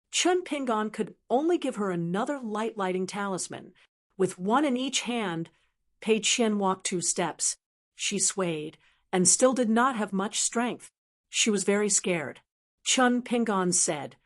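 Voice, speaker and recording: A woman giving scripted audiobook narration in an even, measured reading. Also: mid-range voice.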